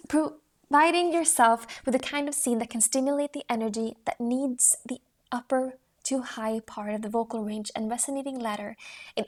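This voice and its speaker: A woman reading aloud from a voice training book in a steady manner, stopping to demonstrate vocal exercises. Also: a little high. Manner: reads steadily, demonstrates vocal exercises with rising sung tones. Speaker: voice book reader.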